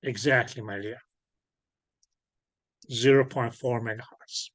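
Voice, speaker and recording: A man's voice: medium pitch, steady tone, slow, no room sound. A man teaching an online class, patiently checking that students follow and often correcting himself. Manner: patient, checks understanding, frequent self-corrections. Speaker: lecturer. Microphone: video call.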